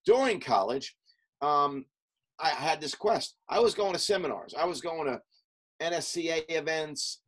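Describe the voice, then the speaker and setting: A middle-aged man, a podcast guest and coach, telling stories from his past in a casual interview, with many fillers and quick lists. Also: fairly high pitch, animated, fairly bright tone, husky, low-quality recording.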